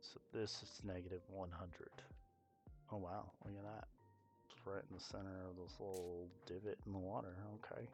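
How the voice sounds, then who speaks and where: Male gaming creator, lower voice, chatty and digressive play-by-play, faint background music. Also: level tone, normal speed. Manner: chatty, digressive, self-mocking, many fillers. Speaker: gaming YouTuber. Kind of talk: rambling let's-play commentary.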